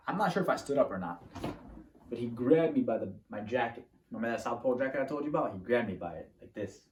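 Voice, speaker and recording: A man telling a personal story to the camera in a casual, animated way, acting out the moves as he talks. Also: medium pitch, slight background noise. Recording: roomy, from a distance to the mic.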